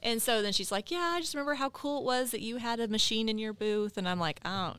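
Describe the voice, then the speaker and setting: Middle-aged woman guest, bright, fast talker, dry close sound, chatty storyteller. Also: a little high, clear, resonant tone, no echo. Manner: chatty, laughing, acts out quoted voices. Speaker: guest quilter. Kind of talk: casual storytelling interview.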